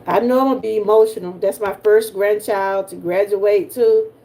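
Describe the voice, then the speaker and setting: A woman's voice: medium pitch, steady tone, normal speed, dark tone, a little hiss or hum. An older woman with a Southern US accent, from Georgia, hosting a casual livestream chat and talking straight to her viewers in a folksy way. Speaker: livestream host.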